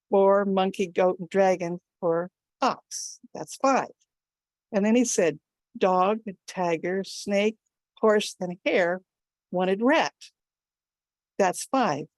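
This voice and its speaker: A woman's voice: on the low side, darkish tone, dry recording. A woman storyteller telling a folktale live at an online gathering, jumping her voice up for the animal characters. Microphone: video call.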